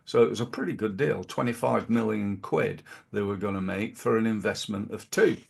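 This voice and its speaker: A middle-aged British man with a gravelly, creaky voice hosts a podcast. He gives business advice in a loose, chatty way, full of fillers, restarts and asides. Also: on the low side, normal speed. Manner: rambling, many fillers and restarts. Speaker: podcast host. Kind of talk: casual advice talk.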